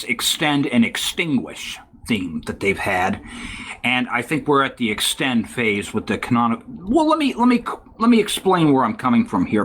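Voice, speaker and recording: A man hosting a casual tech talk show, rambling and halting with many fillers. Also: medium pitch, a bit bright. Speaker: podcast host.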